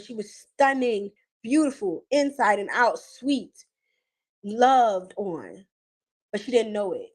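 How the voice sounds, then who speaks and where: A slightly high-pitched woman hosts a relaxed live stream. She chats directly to her viewers and laughs often between points. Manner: chatty, laughs often, talks straight to viewers. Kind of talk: casual chat.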